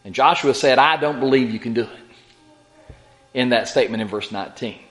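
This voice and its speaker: A man preaching a Bible lesson, reading scripture slowly and deliberately, with rhetorical questions and repeated words. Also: mid-range voice, fairly bright tone. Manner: slow, deliberate scripture reading with dramatic emphasis on quotes. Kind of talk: sermon.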